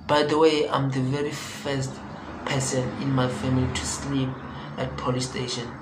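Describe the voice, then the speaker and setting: A man's voice: medium pitch, monotone, normal speed. A young man telling a storytime vlog in a rambling way, repeating phrases and correcting himself. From South Africa. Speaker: vlogger. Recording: echoey room with background noise.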